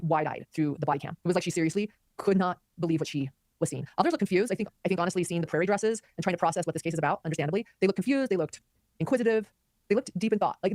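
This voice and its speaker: A woman hosting a live commentary stream, talking quickly and animatedly and reading viewer comments aloud. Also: lowish voice, a little mellow, dry recording, studio quality. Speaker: commentary host.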